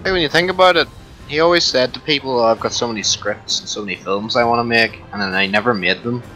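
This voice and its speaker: A man's voice: mid-range voice, quick pace, sharp tone, faint music behind, poor audio. A man hosting a casual gaming chat, full of profane, rambling banter. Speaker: podcast host.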